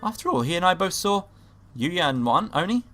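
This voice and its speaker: A man's voice: high voice, big pitch swings, a little fast, pitched above the performer's own voice. A man voicing a flamboyant, self-styled male bird hero-detective, theatrical and grandiose, over game music. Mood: showy.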